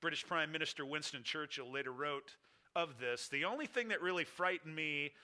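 Middle-aged guy preaching, tells it like a story, repeats for punch, bright sharp voice. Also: on the high side, moderate pace. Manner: storytelling, emphatic repeated phrases. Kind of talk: sermon illustration.

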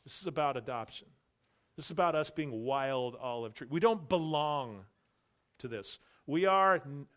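A man's voice: mid-range voice, fairly bright tone. A male pastor preaching an expository sermon, emphatic and repeating his key phrases. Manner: emphatic, repeats key phrases, voices imagined boastful believers.

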